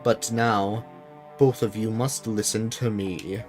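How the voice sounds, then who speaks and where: A solemn old king in a video game, read by a deep-voiced man, telling old legends in a low, unhurried voice. Soft music plays underneath. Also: fairly even intonation. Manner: grave, measured storytelling. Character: solemn ancient king speaking through a talking boat.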